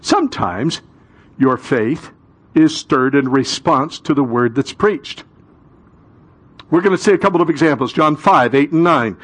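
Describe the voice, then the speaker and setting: A male pastor preaching a sermon, building to loud emphatic peaks and calling the congregation to repeat after him. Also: fairly high pitch, a little slow, slightly rough.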